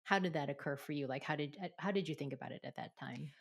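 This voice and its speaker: Low-voiced woman hosting an interview. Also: fast, creaky. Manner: reflective, warm affirmations, long winding questions. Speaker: podcast host. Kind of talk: conversational interview.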